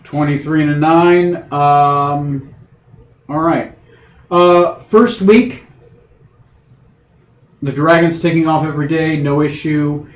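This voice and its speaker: Male game master, raised pitch, rambling delivery, echoey room on a call mic. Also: steady tone, takes it slowly, pauses often. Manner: loose, rambling explanations with frequent fillers. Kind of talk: running a tabletop game over a video call. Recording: roomy echo.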